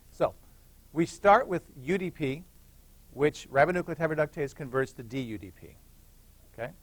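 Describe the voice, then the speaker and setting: A middle-aged man giving a classroom lecture, explaining step by step, repeating key points and checking in with "okay?". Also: medium pitch. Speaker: university biochemistry lecturer. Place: lecture hall.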